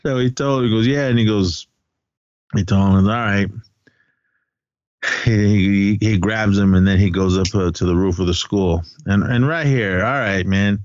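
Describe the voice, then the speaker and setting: A man's voice: on the low side, steady tone, normal speed, pauses often, darkish tone, no echo, dull audio. A man co-hosting a podcast, recapping a film in casual, rambling chat with frequent laughs. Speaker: podcast co-host.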